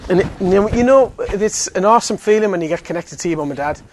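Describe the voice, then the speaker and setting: A man with a fairly high voice gives a relaxed faith talk to a group. He speaks casually and fills his sentences with "you know". He also drops in teasing jokes. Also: fairly quick. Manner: conversational, many fillers, joking asides. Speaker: Alpha course speaker. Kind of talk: evangelistic talk.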